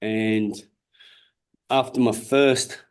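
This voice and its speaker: With a clear, resonant, low-ish voice and fairly even intonation, this Perth-born man in his fifties speaks extremely slowly. A former world champion boxer being interviewed, he shares his story in an Australian accent, candid and earnest, cursing freely and frequently starting sentences over.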